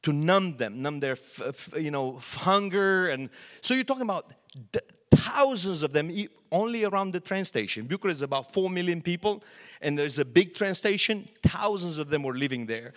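A middle-aged man from Romania with a Romanian accent, preaching a sermon and telling his story with animated, rising questions. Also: a little high, moderate pace. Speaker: pastor. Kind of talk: sermon testimony.

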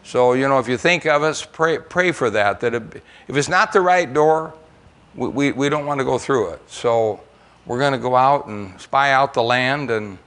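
A man's voice: medium pitch, fairly bright tone. Older man, from the United States, church talk, folksy missionary stories, rambling with repeats. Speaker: missionary speaker. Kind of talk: church testimony and storytelling.

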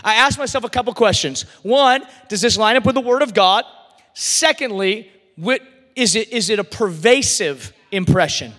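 A man preaching a sermon as pastor, swinging from shouts down to near-whispers. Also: high-pitched, animated, moderate pace. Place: church service. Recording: long reverb of a large hall.

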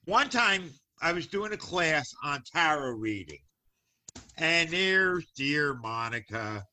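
A man, a guest who teaches occult classes, telling animated stories in a playful, teasing way and mimicking the people in them. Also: fairly high pitch, takes it slowly. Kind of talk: animated storytelling.

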